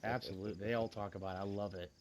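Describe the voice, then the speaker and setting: A man telling lively stories in a casual podcast chat, acting out what players said to him. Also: on the low side, very fast, noisy background. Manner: animated storyteller, acts out quoted players. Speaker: podcast guest.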